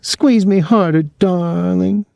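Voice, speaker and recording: A man's voice: a little high, big pitch swings, moderate pace, warm tone, no room sound, pitched above the performer's own voice. A man voicing a cheeky teenage boy who provokes with feigned politeness. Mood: mocking. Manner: feigned politeness, mock drama.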